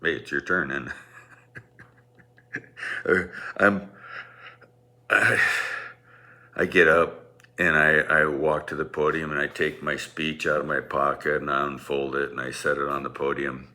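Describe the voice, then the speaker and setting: A man's voice: a bass voice, flat delivery, unhurried, long pauses, pushed and bright. A middle-aged man telling a personal story in a rambling, self-deprecating way, with many restarts.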